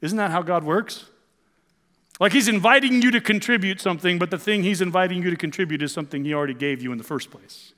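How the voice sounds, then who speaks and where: Male pastor, sermon, chatty and emphatic, raised pitch, echoing church hall. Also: fast, a bit bright. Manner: conversational, rhetorical questions, emphatic swings.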